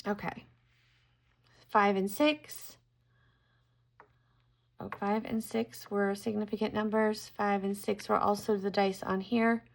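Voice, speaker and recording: A woman's voice: medium pitch, little pitch movement, takes it slowly, creaky, pauses often. A middle-aged woman giving a casual tarot card reading to camera, musing aloud and exclaiming at what she draws.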